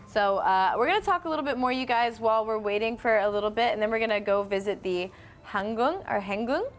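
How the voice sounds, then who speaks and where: A young woman from North Carolina, USA, talks at a quick pace in a slightly high voice while hosting a casual live stream. Easygoing and friendly, she reads out comments from viewers and replies to them on the spot.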